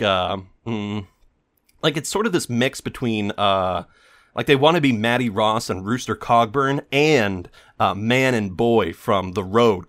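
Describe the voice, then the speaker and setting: A man hosting a podcast, giving a rambling, sarcastic critique with lots of fillers. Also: fairly low pitch. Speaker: podcast host. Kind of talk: casual critique monologue.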